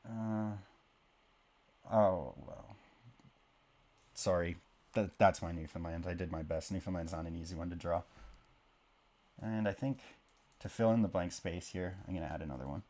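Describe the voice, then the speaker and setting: Low-pitched guy, casual rambling commentary, self-deprecating humor while drawing. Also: moderate pace, long pauses, a little mellow. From born in Canada, raised in Oklahoma. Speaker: map-drawing video creator.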